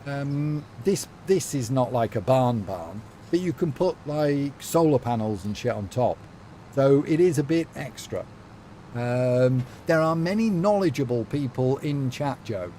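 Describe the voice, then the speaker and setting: Young guy live streaming, bouncy sing-song voice, kinda mellow, rambly and cheeky. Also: medium pitch, expressive, unhurried, a little hiss or hum. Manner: playful, sassy, rambling with lots of fillers. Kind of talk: casual live-stream chat while gaming.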